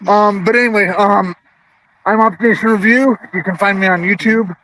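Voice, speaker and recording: A man's voice: high-pitched, steady tone, normal speed, pushed and bright, no room sound, poor audio. A man in casual video-call chat, a toy collector and store owner, out of breath and hesitant with many ums.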